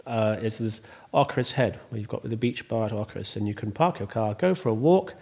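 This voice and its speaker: A man's voice: lowish voice, fairly quick, gravelly, darkish tone, slightly rough. A man, the host, talking casually in an interview, rambling and chatty with many ums and restarts. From Ireland. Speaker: host and estate owner.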